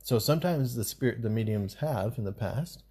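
A man's voice: mid-range voice, expressive, normal speed, mellow, breathy edge. A man co-hosting a podcast in casual chat, talking in a loose, rambling way with lots of fillers. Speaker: podcast co-host.

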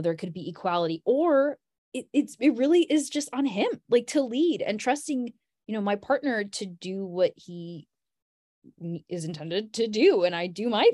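A woman's voice: medium pitch, darkish tone, no echo, clean studio sound. A young adult woman, a podcast guest, telling a personal story in casual chat, saying "like" often and laughing as she goes.

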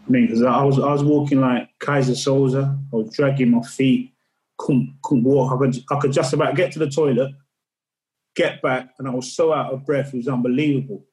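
A middle-aged man speaks candidly in a podcast interview. He is earnest and tells his story with restarts and repeated words. His pitch sits mid-range for a man. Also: steady tone, brisk, a little mellow, poor audio. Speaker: podcast guest.

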